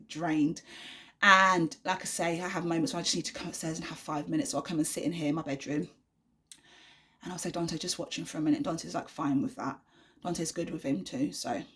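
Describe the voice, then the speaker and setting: Frank chatty mum, low-pitched. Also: female voice, fairly bright tone. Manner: chatty, frank, many fillers. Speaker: vlogger, mother. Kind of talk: candid unedited vlog. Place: her bedroom at home.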